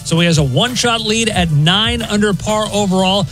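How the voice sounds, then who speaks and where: A man anchoring a sports news update on a talk show, brisk and joking. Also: sits high, a bit bright, soft background music, low-quality recording. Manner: brisk, joking, briefly puts on a mock British accent.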